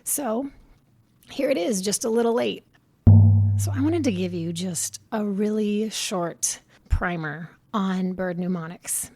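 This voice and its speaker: A woman's voice: medium pitch, takes it slowly, mellow. A woman who studies birds, hosting an informal educational podcast and explaining things in a chatty, plain way with some fillers. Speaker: podcast host and avian ecologist.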